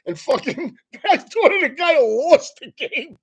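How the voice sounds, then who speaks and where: A man's voice: very high voice, lively intonation, moderate pace. A man comedian on a casual, profane rant, swearing constantly and breaking into laughs mid-sentence.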